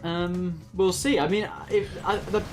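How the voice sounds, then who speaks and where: A man's voice: high voice, steady tone, a little slow, darkish tone, soft background music. A man, casting a strategy game tournament in a chatty, laughing commentary style. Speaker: game caster. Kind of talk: casual esports commentary.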